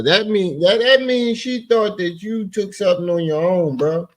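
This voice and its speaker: A male commentary host with a raised pitch. He talks bluntly and mocks the clip, interrupting it with sharp remarks. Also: expressive, normal speed. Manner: mocking, blunt. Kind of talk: reaction commentary.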